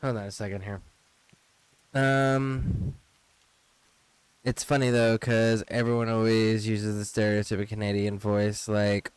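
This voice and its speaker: Man, low voice, casual game streamer, chatty, swears freely, reads menus aloud. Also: little pitch movement, unhurried, pauses often, smooth, dry recording. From United States. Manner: loose, profane, chatty asides while browsing menus. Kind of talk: casual gameplay commentary.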